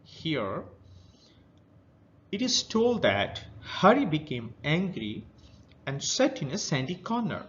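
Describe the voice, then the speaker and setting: A man with an Indian English accent teaching a children's story. He reads each passage, then explains it in plain words at a very slow, careful pace, with a fairly high voice that moves up and down a lot. The recording sounds dull and lo-fi. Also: big pitch swings, a bit bright. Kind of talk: reading a story aloud and explaining it.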